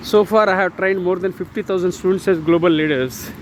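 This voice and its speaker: A man in his sixties with an Indian English accent gives a casual motivational talk outdoors, halting often on drawn-out fillers. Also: sits high. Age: 60s. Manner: earnest, uplifting. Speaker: channel host. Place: outdoors near a road. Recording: outdoor traffic noise behind.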